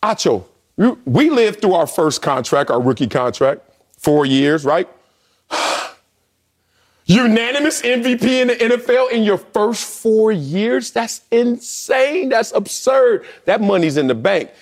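A former pro football player co-hosting a sports debate show, talking emphatically and playfully. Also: male voice, animated, unhurried. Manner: emphatic, swooping pitch, playful.

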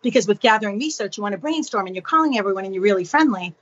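A woman talks at a middle pitch, explaining with energy and slipping into quick acted voices for the people in her stories. The recording sounds a little muffled and lo-fi. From Boston area. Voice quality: expressive, acts out dialogue in voices. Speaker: guest. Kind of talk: animated podcast explanation with acted-out anecdotes.

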